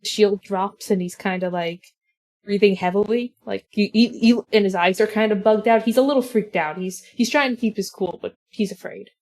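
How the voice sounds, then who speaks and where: Woman player talking her move through, halting, thinking out loud. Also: mid-range voice. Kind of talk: casual chat.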